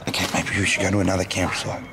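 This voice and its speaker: A man doing deadpan mock-documentary narration. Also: sits low, rapid-fire, very noisy.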